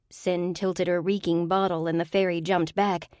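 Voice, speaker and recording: A woman's voice: lowish voice, little pitch movement, moderate pace, hardly any pauses, darkish tone, clean tone, dry recording, studio quality. A woman reading a first-person urban fantasy audiobook with a wry, comic delivery. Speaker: audiobook narrator.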